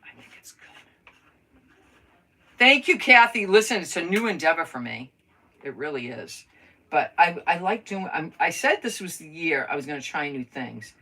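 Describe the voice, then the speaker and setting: A woman's voice: low voice, animated, normal speed, fairly bright tone, husky, distant mic, poor audio. A woman chatting casually on a live crafting stream, thinking aloud as she works and greeting viewers by name.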